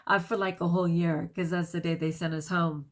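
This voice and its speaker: Chatty, low-voiced woman vlogger. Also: little pitch movement. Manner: quick, chatty, many fillers and self-corrections. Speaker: vlogger and teacher. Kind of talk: casual talk to camera, reading an article aloud.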